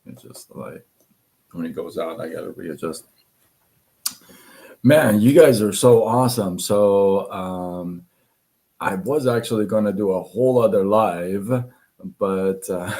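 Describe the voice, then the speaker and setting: A man hosting a casual livestream, halting with many fillers and clearing his throat, losing his voice. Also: low voice, mellow. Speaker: livestream host. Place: home apartment.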